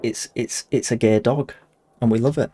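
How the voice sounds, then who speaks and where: A man chatting excitably and jokily while streaming a fighting game live. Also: mid-range voice, moderate pace, a little hiss or hum. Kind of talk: live gaming commentary.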